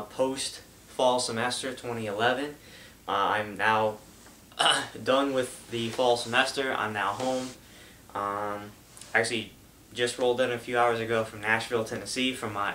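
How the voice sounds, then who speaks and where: A man's voice: mid-range voice, fairly bright tone, echoey room, a little hiss or hum. A young man hosting his gaming channel, giving a rambling, casual update full of fillers. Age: young adult. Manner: rambling, loose, lots of fillers. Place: home room.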